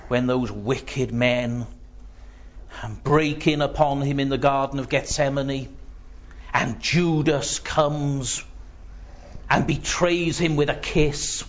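A man preaching a sermon in a slow, earnest way, often dropping to a hushed voice as he quotes. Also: on the high side. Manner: slow, earnest, voice drops to near-whisper when quoting. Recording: dull lo-fi recording.

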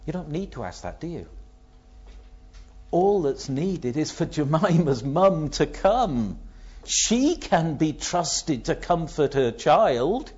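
A man's voice: on the high side, very animated, unhurried, a little mellow, breathy edge. A man preaching a sermon, asking rhetorical questions and telling illustrative stories, in a dull lo-fi recording.

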